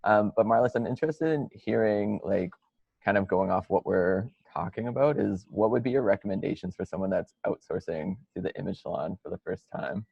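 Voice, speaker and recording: A man's voice: lowish voice, a little fast, gravelly, breathy edge, dry recording. A young-sounding co-host man talking casually with many "like" fillers on a video call. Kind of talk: webinar round-table discussion. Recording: dull, dry lo-fi mic.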